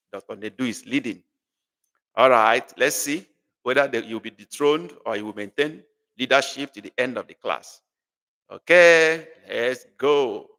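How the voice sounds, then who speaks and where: Bright Nigerian man tutoring in a reverby room. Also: medium pitch. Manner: teasing, repeats phrases, calls on students by name. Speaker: language tutor. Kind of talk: live online class.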